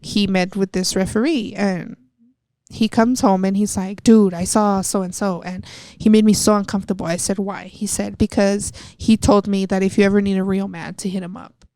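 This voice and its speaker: Smooth-voiced woman. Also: mid-range voice, normal speed, no room sound, clean studio sound. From El Paso, Texas. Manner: candid and animated, swears freely, acts out quoted dialogue. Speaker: podcast guest, wrestler. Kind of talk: casual interview storytelling.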